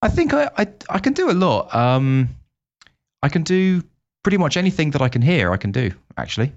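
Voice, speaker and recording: A man's voice: fairly high pitch, a little fast. A man co-hosting a podcast, chatting casually and eagerly laying out his plans. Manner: lively, eager to share plans. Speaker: podcast co-host. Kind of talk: casual chat. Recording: dull lo-fi sound.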